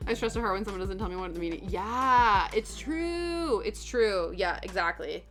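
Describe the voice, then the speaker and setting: A woman's voice: mid-range voice, lively intonation, normal speed, few pauses. A woman streamer chatting casually while she cross stitches and reads her chat, rambling with lots of fillers and acted-out quotes. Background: soft background music.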